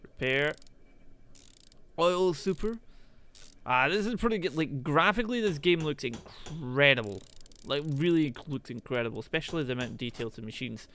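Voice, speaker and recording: A young man talks through his gameplay in a loose, chatty way. His pitch jumps around a lot as he thinks aloud. He often breaks off into quick exclamations at his own mistakes. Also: lively intonation, fairly bright tone. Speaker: gaming video host. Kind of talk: gameplay commentary.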